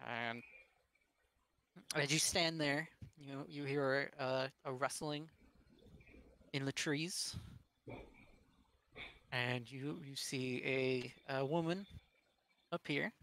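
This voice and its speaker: A man narrating as game master in a tabletop game, halting and full of fillers and restarts. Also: mid-range voice, bright, forceful tone.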